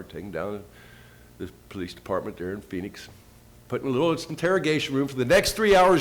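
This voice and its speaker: A man giving a first-person storytelling talk, retelling events with quoted dialogue and lively shifts in pitch and loudness. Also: brisk. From United States. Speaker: invited speaker.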